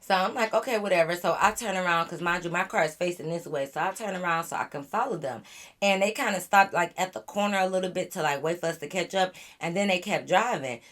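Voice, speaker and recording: A woman vlogger telling a story in a casual, animated, slangy way, with profanity and exasperated asides. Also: fairly low pitch, fairly quick.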